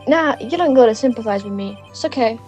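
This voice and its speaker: A woman's voice: on the high side, animated, fast, darkish tone, highs cut off, faint music behind, close to an everyday voice. A young woman voicing a whiny, lovesick young man in a put-on Texan drawl, reading game dialogue aloud. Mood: moping.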